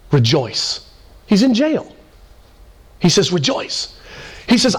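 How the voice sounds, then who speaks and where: Animated high-voiced male preacher. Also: slow pace, pauses often. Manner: animated preaching, swings high for emphasis, acts out quoted voices. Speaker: pastor. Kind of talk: sermon.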